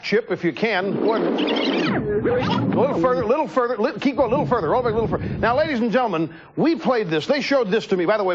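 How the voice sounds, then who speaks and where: A man hosting a TV talk show, delivering an animated, joking political monologue in the studio and talking to his crew. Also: high-pitched, slight background noise. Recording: dull lo-fi TV broadcast.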